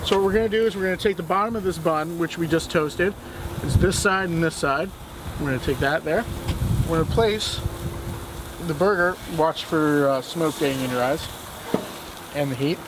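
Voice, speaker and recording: A man with a slightly raised voice hosts a homemade cooking show, cracking jokes as he goes. Steady background noise and the sound of traffic sit under him. The delivery is casual and playful. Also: on the high side, moderate pace, long pauses. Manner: jokey and playful, hamming for the camera. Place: outdoor grill, then a home kitchen.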